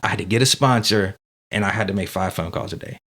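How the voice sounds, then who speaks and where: Brief Male podcast guest, lowish voice, loose profane storytelling, lots of "dude" and "like". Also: fast, sharp tone. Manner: candid and profane, heavy with fillers like dude and man. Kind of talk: casual storytelling.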